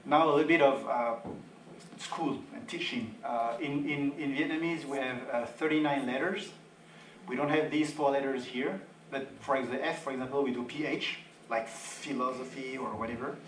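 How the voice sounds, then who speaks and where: A man from France gives an informal talk to an audience and drops joking asides along the way. His voice sits at an ordinary middle pitch. It is picked up from a distance in a roomy fellowship hall, with faint noise behind it. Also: steady tone, normal speed, fairly bright tone. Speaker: guest speaker.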